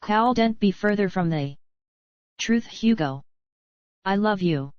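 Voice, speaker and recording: A woman reading a screenplay aloud in a flat manner, naming each speaker before the line. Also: medium pitch, a little slow, dry recording, highs cut off.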